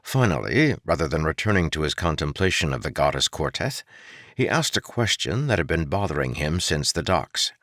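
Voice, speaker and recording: A man reads a fantasy audiobook in a very low voice. His delivery moves expressively up and down as he tells the story. The studio sound is close and dry. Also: very animated, moderate pace, fairly bright tone, dry recording. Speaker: audiobook narrator. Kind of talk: scripted fantasy audiobook narration.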